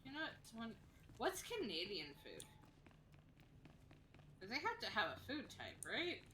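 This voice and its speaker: Playful woman gaming streamer, lively swings in pitch, noisy background. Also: a little slow. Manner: chatty, playful, laughing. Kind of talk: casual gameplay chat. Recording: clear noise behind.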